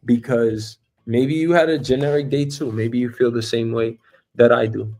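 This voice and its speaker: A man's voice: medium pitch, steady tone, moderate pace, a little mellow. A man hosting his own show, talking through a casual, reflective monologue with lots of fillers and some swearing. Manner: reflective, profane, rambling with many fillers. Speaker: show host.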